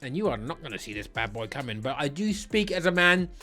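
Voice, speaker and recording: A man's voice: fairly high pitch, very animated, fast talker, sharp tone, soft background music. A man giving casual, playful ranking commentary on football kits, giddy and self-mocking, often stuttering and restarting. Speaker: football kit reviewer.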